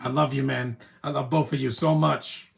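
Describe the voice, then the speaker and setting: A man streaming his reaction to a movie, talking in an emotional, rambling way with many "man" tags and the odd loud taunt. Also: mid-range voice, fairly even intonation, normal speed, gravelly, slight background noise. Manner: soft-spoken, with sudden loud taunting outbursts. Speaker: live streamer.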